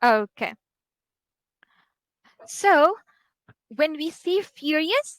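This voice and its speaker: A woman's voice: fairly high pitch, lively intonation, takes it slowly, a bit bright, no echo. A woman with a Filipino accent teaching a one-on-one online English lesson, speaking patiently and drawing out her words with frequent okays.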